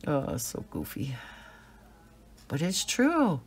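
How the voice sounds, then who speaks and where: A middle-aged American woman with a slight Southern twang and a cold speaks in a low voice at a slow pace. She hosts a coloring channel, chatting, giggling and telling stories as she colors.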